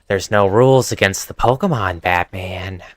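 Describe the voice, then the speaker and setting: A taunting villain clown with a low, drawled rasp, as a man puts him on between game chatter. The voice sits very deep, heard a little off the mic in a streamer's room. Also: moderate pace, a little hiss or hum, natural voice.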